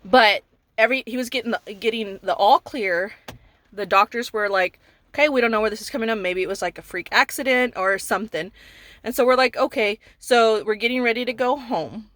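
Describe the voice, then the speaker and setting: With a fairly high, slightly bright voice and a little fast pace, a California mother in her thirties recounts her son's story, emotional and retelling dialogue as she goes. The recording has no echo.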